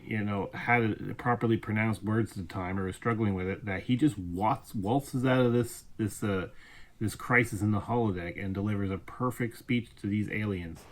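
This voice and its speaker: A man co-hosting a casual podcast chat, wry and quick to laugh. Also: lowish voice. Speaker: podcast co-host.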